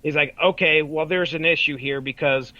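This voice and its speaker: Male podcast co-host, casual rambling storyteller, slightly high voice, close and dry. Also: steady tone, normal speed, pushed and bright, no room sound, lo-fi sound. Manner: rambling retelling, swears and laughs freely. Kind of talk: casual chat.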